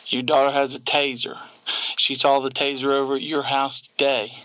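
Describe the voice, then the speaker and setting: A man's voice: medium pitch, little pitch movement, normal speed, sharp tone, no room sound, poor audio. A man interrogating a witness with pressing, skeptical questions. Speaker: police investigator.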